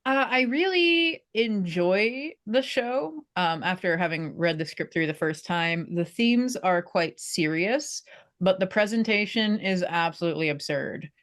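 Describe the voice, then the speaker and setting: A woman's voice: fairly low pitch, animated, unhurried. A young woman talking casually in an interview about acting, chatty and self-deprecating, with frequent restarts. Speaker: theater performer being interviewed.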